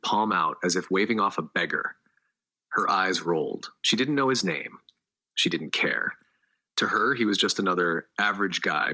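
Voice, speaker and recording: A man with a very low voice narrates a scripted story, each line measured and dramatic. His delivery is hard-hitting and forceful.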